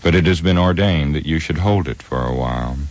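A man voicing a weathered, grave male ranger, heir of kings, speaking in a measured, solemn way in an audiobook reading. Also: very deep voice.

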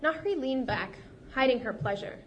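A woman narrating an audiobook in a measured, expressive storytelling manner. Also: sits high, dull audio, slight background noise.

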